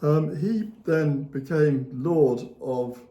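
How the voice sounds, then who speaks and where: Speaking extremely slowly, this man has a mellow, slightly high voice. He's an author being interviewed, wandering through historical anecdotes with plenty of fillers and small laughs. The relaxed storytelling chat was captured in a room with noticeable echo.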